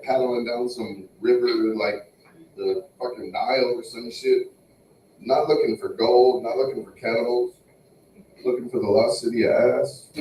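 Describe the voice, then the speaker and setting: A man's voice: mid-range voice, warm tone, echoey room, recorded from a distance, slight background noise, poor audio. A man doing a loose, crude stand-up set and riffing on the crowd. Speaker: stand-up comic. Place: small comedy venue.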